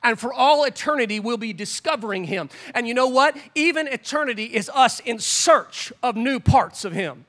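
A man in his forties preaching a sermon as pastor, animated and joking, with sudden loud bursts. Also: extremely high pitch, normal speed, hardly any pauses.

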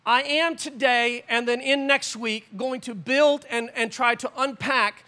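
A man in his forties preaching a sermon as pastor, animated and joking, with sudden loud bursts. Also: very high-pitched, unhurried, clear, resonant tone.

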